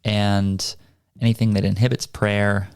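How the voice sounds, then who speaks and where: Man, church podcast host, low rough voice, casual and unhurried, lots of filler words. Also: flat delivery, dry recording, clean studio sound. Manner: thoughtful, halting with fillers. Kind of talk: casual Bible study chat.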